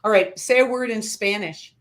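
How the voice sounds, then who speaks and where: A woman hosting a casual interview, asking quick-fire questions and laughing often. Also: medium pitch. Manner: laughs often, upbeat and chatty. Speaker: host.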